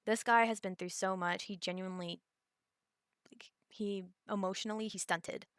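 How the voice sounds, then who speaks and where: A woman's voice: medium pitch, steady tone, normal speed, a bit bright, smooth, no room sound, clean studio sound. A young woman, telling a personal story in a casual vlog, rambling with many fillers and restarts. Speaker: vlogger.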